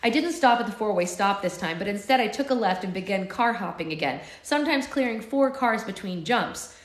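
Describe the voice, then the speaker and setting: A woman reading a novel aloud for an online book club, breaking off into animated, giggly chat. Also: medium pitch, brisk. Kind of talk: live read-aloud with chatty asides. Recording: echoey room.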